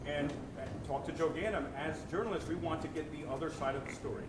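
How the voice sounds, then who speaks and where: A man's voice: fairly high pitch, quick pace, crowd noise. A man persistently demanding answers from a police officer as a citizen journalist. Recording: echoey hall from far off with noise.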